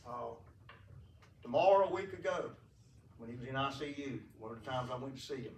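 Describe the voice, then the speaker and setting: A man's voice: mid-range voice, lively intonation, brisk, a little hiss or hum. A man giving a folksy funeral eulogy in a church, telling rambling stories and chuckling often, with many fillers. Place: church sanctuary. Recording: echoey room from a distant mic.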